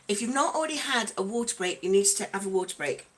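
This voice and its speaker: A woman's voice: mid-range voice, animated, quick pace. A woman hosting a casual livestream, chatty and bubbly, calling out her viewers by name. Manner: playful, breaks into song. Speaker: livestream host.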